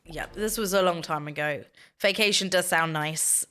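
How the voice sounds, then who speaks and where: A woman sits and chats with her stream audience in a relaxed, rambling way. Her voice sits a little low for a woman. She tells stories and answers questions in an easy, conversational tone. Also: normal speed, a little hiss or hum. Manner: chatty storytelling, reading chat aloud. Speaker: streamer chatting with viewers. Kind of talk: casual chat.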